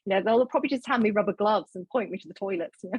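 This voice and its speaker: Frank, self-mocking middle-aged woman guest; husky tone, dry close sound. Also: medium pitch, racing, darkish tone, dry recording, poor audio. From Sheffield, England. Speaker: law professor, podcast guest. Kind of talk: casual interview chat.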